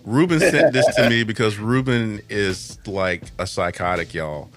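A man's voice: lowish voice, a little slow, soft background music. A man co-hosting and producing a casual podcast, teasing his friend, laughing often and tripping over his words. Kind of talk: casual chat.

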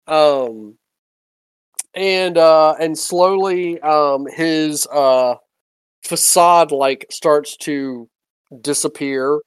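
A game master narrating a tabletop game in an unhurried, hesitant way, with many fillers. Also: mid-range voice, clear, resonant tone, no room sound.

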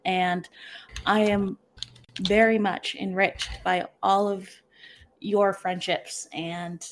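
A woman's voice: medium pitch, little pitch movement, takes it slowly. A woman in a casual group chat, speaking in a sincere, folksy way.

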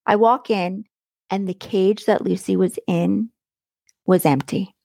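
A woman's voice: mid-range voice, steady tone, takes it slowly, gravelly, mellow. A middle-aged woman hosting a podcast and telling a personal story in a chatty, blunt way, laughing often. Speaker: podcast host. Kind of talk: casual storytelling monologue.

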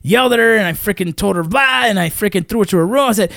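A man's voice: high voice, fast, vocal fry, fairly bright tone, dry recording, studio quality. Blunt, profane military veteran man. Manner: blunt, profane, emphatic storytelling. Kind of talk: casual podcast conversation.

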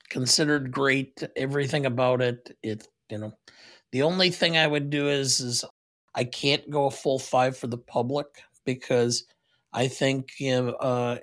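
A man's voice: mid-range voice, fairly bright tone. Older man musing hesitantly. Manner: hesitant, thinks aloud with fillers. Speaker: podcast co-host. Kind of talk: casual film podcast chat.

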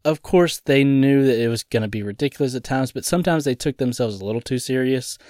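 A man in a relaxed podcast chat, his voice sitting at an everyday middle pitch. He talks in animated bursts and laughs often, full of playful disbelief. The sound is dry and close, with no room around it. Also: quick pace, no echo. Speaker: podcast co-host. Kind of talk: casual movie review chat.

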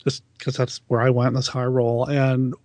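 A man's voice: mid-range voice, monotone, normal speed, a little mellow, no room sound. A man co-hosting a podcast, chatting casually about films with a self-deprecating, laughing manner. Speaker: podcast co-host. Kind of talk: casual film discussion.

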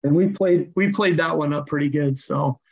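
A man with a noticeably high voice tells hockey stories as an interview guest, slipping into other people's voices as he goes. His sound comes through dull and lo-fi, with the top end rolled off. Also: normal speed. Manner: animated, acts out voices while telling stories. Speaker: hockey coach and general manager, guest. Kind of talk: conversational interview storytelling.

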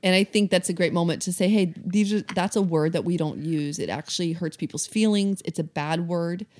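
Female co-host, low-ish voice, earnest and advising. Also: fairly quick, a little mellow. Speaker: podcast co-host, mother. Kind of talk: casual chat.

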